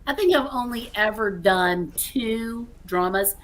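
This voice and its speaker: Guest: young woman theatre actor, lively chatty storyteller, faint noise floor. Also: a little high, takes it slowly. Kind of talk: casual chat.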